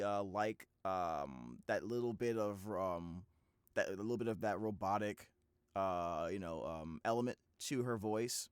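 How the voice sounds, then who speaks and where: A man's voice: mid-range voice, a bit bright, clear, resonant tone, no echo, studio quality. A man hosting a reaction video in casual, rambling talk full of fillers and restarts.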